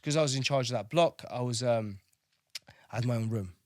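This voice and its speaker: A man's voice: mid-range voice, a little fast, a little mellow, no room sound, clean studio sound. A man telling his service story candidly, swearing freely and often asking "do you know what I mean". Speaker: podcast guest, navy veteran.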